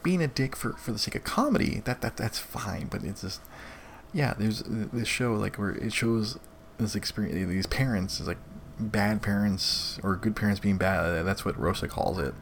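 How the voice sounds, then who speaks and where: A man's voice: on the low side, moderate pace, a little hiss or hum. A young adult man hosting a live stream, chatting casually in a rambling, profane way with many restarts. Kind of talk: casual chat.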